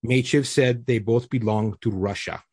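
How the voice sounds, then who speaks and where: A man's voice: mid-range voice, moderate pace, darkish tone, husky, dry recording, clean studio sound. A man co-hosting a podcast in casual chat, reading news items aloud and joking bluntly. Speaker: podcast co-host.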